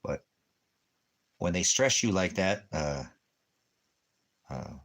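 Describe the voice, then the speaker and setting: Deep-voiced rambling man on a livestream. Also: animated, slow, fairly bright tone. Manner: rambling, profane, preachy; baby talk to his dog. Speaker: YouTube channel host. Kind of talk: casual livestream chat.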